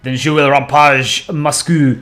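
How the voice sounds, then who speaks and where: A man's voice: fairly high pitch, level tone, a little slow, fairly bright tone, faint music behind. A man voicing a boastful male France countryball with a put-on French accent and broken English peppered with French words. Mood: taunting.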